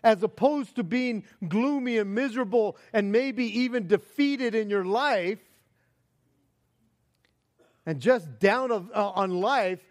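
A male preacher delivering a sermon as an animated story, firing rhetorical questions, chuckling, then easing into soft reflective passages. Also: sits high, unhurried.

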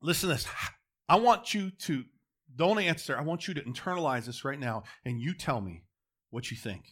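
Middle-aged male preacher, animated sermon delivery, fairly high and lively pitch. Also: normal speed. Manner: animated, swinging between quiet asides and loud emphatic peaks.

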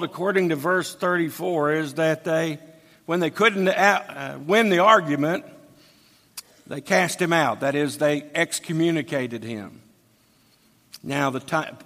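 A man preaches an expository sermon in a church sanctuary. He reads scripture aloud and then explains it verse by verse. His voice sits a little high and moves at an unhurried pace, and a long reverb trails every phrase. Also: a bit bright.

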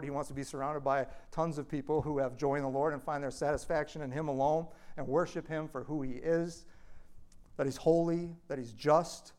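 Lively, slightly high-voiced male Bible teacher. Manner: animated, acts out quoted speech with big pitch swings; conversational, many fillers.

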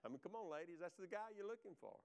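A man preaching a sermon, talking straight to his congregation in an animated way, his voice rising and falling widely in pitch and loudness. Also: fast, vocal fry. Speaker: pastor.

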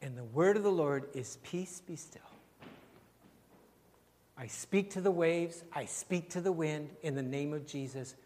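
Older male pastor, slightly high voice, gentle and soft-spoken, recorded in a long-reverb hall. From Canada. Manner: gentle, unhurried, repeating phrases, often dropping very soft. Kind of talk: sermon and prayer. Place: church sanctuary.

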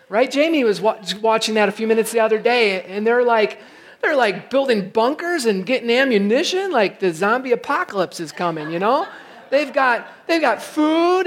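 Emphatic conversational pastor preaching. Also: mid-range voice. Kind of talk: sermon.

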